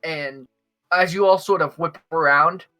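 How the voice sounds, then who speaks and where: A man's voice: on the high side, measured pace, sharp tone, soft background music. A man narrating as game master of a tabletop game, casual and full of fillers.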